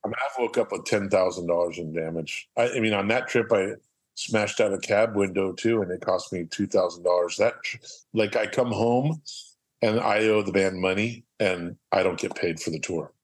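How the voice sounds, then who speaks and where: A man's voice: low-pitched, moderate pace, slightly rough, low-quality recording. A middle-aged man from Southern California, a podcast guest, telling rambling, profane anecdotes and acting out the quotes. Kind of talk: casual storytelling.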